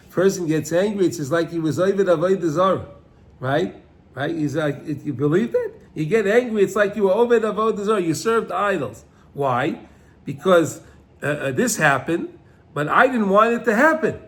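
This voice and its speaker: Man, high-pitched voice, Torah class, conversational, repeats himself, asks "right?" often, Hebrew and Yiddish terms. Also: fairly bright tone. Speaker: rabbi teaching Torah. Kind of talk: Torah class on the weekly portion.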